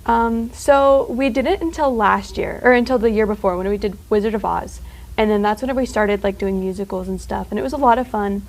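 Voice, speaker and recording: A teenage girl joins as a student guest for a casual chat, her medium-pitched voice caught on a rough recording. She rambles along with plenty of filler words and quick little laughs.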